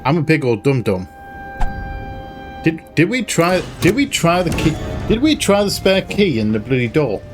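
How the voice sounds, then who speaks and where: A man casually commentating while he plays a mystery game, chatty and self-mocking as he thinks out loud. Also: on the high side, very animated, normal speed, music in the background. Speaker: game streamer. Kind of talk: casual let's-play commentary.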